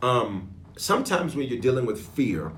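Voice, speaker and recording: A man leading prayer and preaching a sermon as bishop, with sudden loud emphasis and frequent throat clearing. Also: mid-range voice, sing-song, moderate pace, reverberant, slight background noise.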